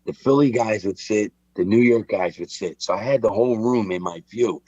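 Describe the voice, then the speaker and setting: A man's voice: lowish voice, normal speed, mellow, dry recording. A middle-aged man tells a story in loose, casual chat. He talks with animation and acts out the voices in his tale. The recording is dry and a little dull. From Philadelphia. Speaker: guest storyteller.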